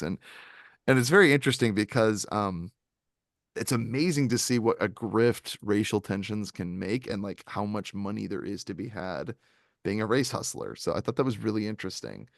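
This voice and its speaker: Rambling, animated male podcast co-host. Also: on the low side, dry recording, studio quality. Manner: rambling, animated storytelling with frequent fillers. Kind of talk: casual movie review chat.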